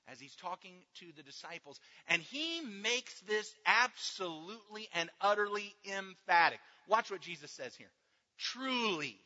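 Emphatic pastor, high and lively. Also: male voice. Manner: emphatic, swings from loud to hushed. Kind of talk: sermon. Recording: dull echoey hall.

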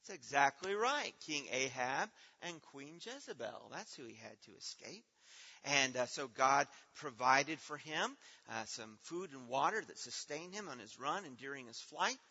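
In a mid-range, husky voice that's pushed and bright, a man sing-songs at a moderate pace while running a children's Bible program in a church hall. He quizzes the kids and praises their answers; the audio is lo-fi and dull with hall reverb.

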